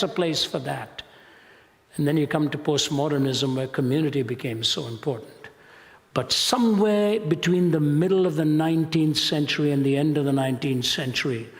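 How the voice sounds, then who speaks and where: A man in his sixties preaching a sermon in a measured, rhetorical style, reading long quoted passages dramatically. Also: fairly high pitch. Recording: echoey hall with long reverb.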